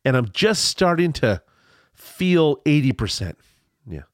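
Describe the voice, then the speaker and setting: Rambling middle-aged man, lively pitch. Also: unhurried, dry recording, studio quality. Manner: rambling storyteller, many restarts. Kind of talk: casual chat.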